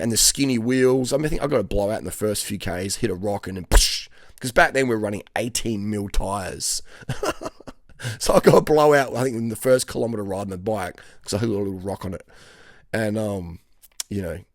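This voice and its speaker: Australian male cycling vlogger in his forties, gravelly, foul-mouthed and animated storyteller. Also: on the low side, dry recording, clean studio sound. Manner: profane, animated, slangy, frequent "mate" and "man". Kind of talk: casual storytelling monologue.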